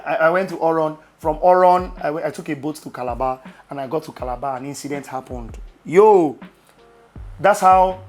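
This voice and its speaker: A young Nigerian man with a Nigerian accent, casually telling travel stories to camera with loud exclamations. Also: fairly high pitch. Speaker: vlogger.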